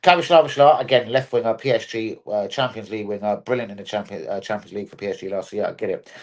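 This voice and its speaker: A man's voice: on the low side, fairly even intonation, fast talker. Guy ranting about football on a live stream, sweary and rambly. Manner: blunt, swears a lot, rambling. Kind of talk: casual football chat.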